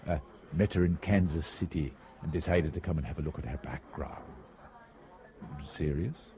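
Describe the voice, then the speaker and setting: A man's voice: rumbling low, moderate pace, warm tone, a little hiss or hum. A man putting on a jaunty Irish charmer.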